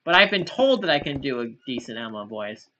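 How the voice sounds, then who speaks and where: A woman's voice: a bass voice, very animated, a little fast, pushed and bright, lo-fi sound, a little hiss or hum. A woman live-streaming, chatting casually with her chat in a rambling, giggly, self-deprecating way.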